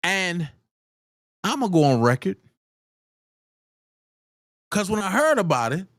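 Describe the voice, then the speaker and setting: A live-stream commentator who talks slowly and deliberately, driving points home with repeated rhetorical questions and blunt, profane asides. The pitch swings widely from phrase to phrase, and the voice is heard close up and dry, with no room sound. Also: very animated, fairly bright tone, dry recording.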